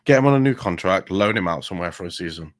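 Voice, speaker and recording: A man talking football casually, animated and sweary, calling his co-host "mate". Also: low-pitched, quick pace, no echo. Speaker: podcast co-host.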